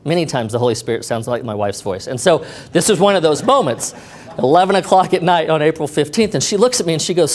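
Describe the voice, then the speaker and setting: Lively middle-aged man telling his story. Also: on the high side, quick pace. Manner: animated retelling, acting out quoted dialogue. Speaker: speaker giving a personal faith testimony. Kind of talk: storytelling talk to an audience.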